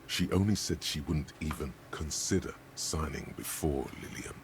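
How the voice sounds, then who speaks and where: A man's voice: a bass voice, normal speed, a little hiss or hum. A man voicing a game's dry, sardonic inner voice that comments on the other characters. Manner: dry, cutting asides.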